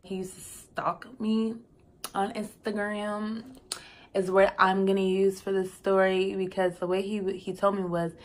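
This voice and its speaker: A young woman telling a casual storytime, chatty and expressive with slangy asides and frequent laughs. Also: medium pitch, unhurried. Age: young adult. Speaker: vlogger.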